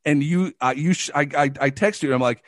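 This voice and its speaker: A man's voice: fairly high pitch, fast, no room sound. Rambling, swearing man, dry sound. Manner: profane, rambling. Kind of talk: casual chat.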